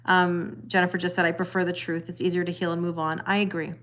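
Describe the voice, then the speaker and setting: A woman's voice: fairly low pitch, level tone, fast talker, fairly bright tone. A middle-aged woman hosting a casual livestream, chatting to viewers and reading their comments aloud, laughing often and repeating her phrases. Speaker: tarot reader livestream host.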